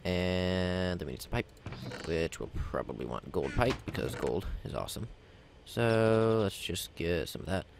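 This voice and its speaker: A man's voice: low-pitched, animated, normal speed, creaky, noisy background. A man giving casual gameplay commentary, rambling and self-mocking as he talks himself through crafting. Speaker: let's play gamer.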